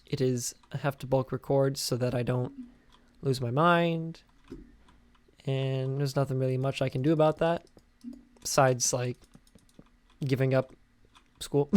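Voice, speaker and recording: A young gaming host chats casually while he builds, sounding tired and drowsy in a mid-range voice. He rambles, with fillers and false starts, and the recording is dry and close, like a desktop gaming mic in a dead room.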